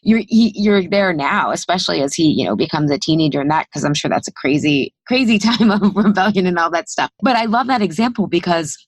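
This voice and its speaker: Low-voiced woman podcast host, dry sound. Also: a little fast, few pauses, no echo. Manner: animated, thinks aloud with many restarts. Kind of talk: conversational interview.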